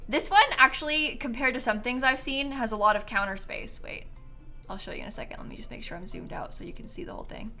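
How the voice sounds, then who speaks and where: A woman's voice: fairly high pitch, quick pace, bright, forceful tone, soft background music. A woman chatting casually on a live stream as she builds in a life-sim game, giggling often and answering her chat.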